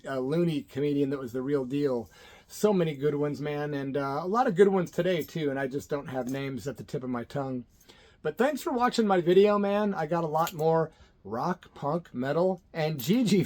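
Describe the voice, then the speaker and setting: Hosting his own channel, a middle-aged Illinois man tells a casual, joking story to the camera. He speaks at a moderate pace in a fairly high voice with a darkish tone.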